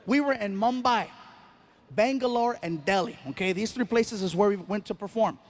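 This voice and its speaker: A man doing stand-up storytelling, animated and acting out voices and crowd sounds. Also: sits high, normal speed. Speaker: stand-up comedian.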